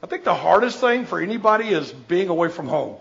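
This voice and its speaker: An older man answers audience questions, spinning rambling, jokey stories with plenty of restarts. His voice sits a bit high for a man. The recording is dull and lo-fi. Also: a little fast, creaky. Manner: animated anecdotal storyteller, jokey, rambling with restarts. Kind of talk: informal Q&A talk with storytelling.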